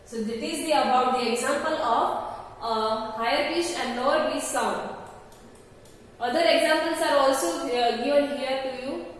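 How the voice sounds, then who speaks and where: A woman's voice: high-pitched, unhurried. A woman teacher explaining a science textbook chapter, restating points over and over with frequent fillers. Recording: echoey room, distant mic, faint noise.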